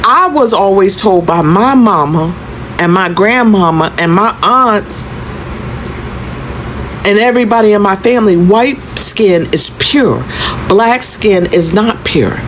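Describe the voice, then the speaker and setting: A woman voicing a calm elderly woman in her seventies or eighties, who talks slowly and patiently as if teaching. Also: mid-range voice, a little hiss or hum, natural voice, poor audio. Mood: matter-of-fact. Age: 70s-80s. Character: elderly white woman, calm and matter-of-fact.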